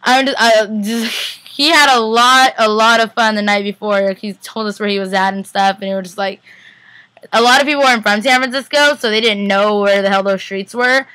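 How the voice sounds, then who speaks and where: A woman's voice: mid-range voice, brisk, bright, forceful tone, dry recording. A young woman from Northern California giving a chatty, rambling convention recap vlog, full of "like" and quoted back-and-forth. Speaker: fan vlogger.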